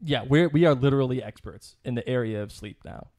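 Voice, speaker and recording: A man's voice: medium pitch, fairly quick, darkish tone, no echo, studio quality. A man with a Boston accent co-hosting a podcast interview, easygoing and joking. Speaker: podcast co-host.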